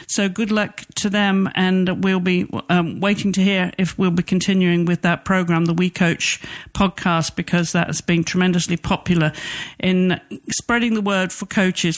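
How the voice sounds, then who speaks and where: A man's voice: sits high, fairly bright tone. A man hosting a sports podcast, chatting casually and restarting his words often. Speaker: podcast host.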